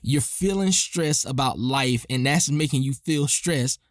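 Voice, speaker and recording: A man's voice: medium pitch, a little slow, no room sound. A man hosting a faith-centered self-help podcast, talking in an upbeat, encouraging way and repeating key lines for emphasis. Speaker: podcast host. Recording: dry close studio sound with faint music.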